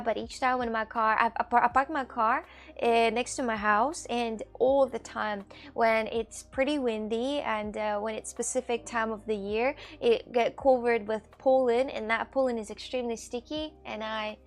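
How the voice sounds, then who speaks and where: A woman livestreamer chatting casually with her viewers and answering their questions, halting, with many fillers and restarts, and swearing casually. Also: on the high side, steady tone, faint music behind. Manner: answers chat questions aloud. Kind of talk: casual stream chat.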